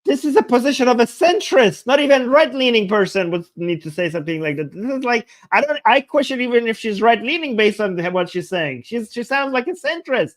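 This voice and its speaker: A man's voice: very high-pitched, lively intonation, fairly quick, hardly any pauses. A man hosting his channel, reacting to a clip in casual commentary, sarcastic and incredulous, often repeating himself. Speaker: channel host.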